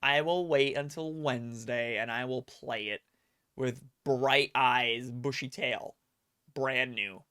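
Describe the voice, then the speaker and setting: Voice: medium pitch, takes it slowly, pushed and bright, clean tone. A live streamer chatting casually with viewers, telling stories in a rambling way, acting out quotes and poking fun at themselves. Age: adult. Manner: rambling storyteller, acts out quotes; self-mocking.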